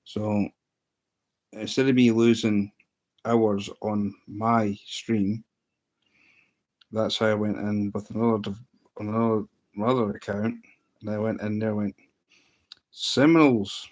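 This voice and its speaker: A man with a fairly low voice, chatting casually to his livestream viewers. He tells the story in a loose, amused ramble, stumbling and restarting as he goes. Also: flat delivery, unhurried, long pauses, darkish tone. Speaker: livestream host.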